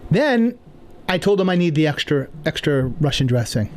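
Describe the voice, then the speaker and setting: A man from New York telling comic stories in an indignant, animated rant on a podcast. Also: a little high, moderate pace, a little hiss or hum. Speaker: comedian podcast host.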